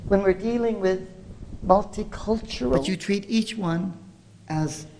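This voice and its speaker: A scholar giving a lively lecture, quizzing the audience with jokey asides. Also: medium pitch, unhurried, gravelly, slight background noise, low-quality recording.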